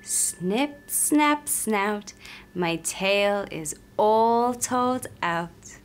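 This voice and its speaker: A woman narrating a children's puppet-show story in a slow, soft and soothing way. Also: medium pitch, lively intonation, clear, resonant tone.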